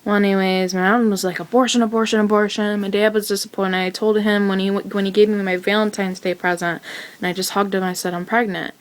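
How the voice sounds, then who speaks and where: A woman's voice: medium pitch, little pitch movement, a little fast. Young woman rambling through her story. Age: teens. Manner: rambling, many "like" fillers and restarts. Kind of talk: casual personal storytelling.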